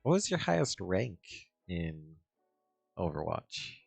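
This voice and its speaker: Deep gravelly male interviewer. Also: very animated, takes it slowly, no room sound, faint music behind. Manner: brief encouraging interjections. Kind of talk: casual chat.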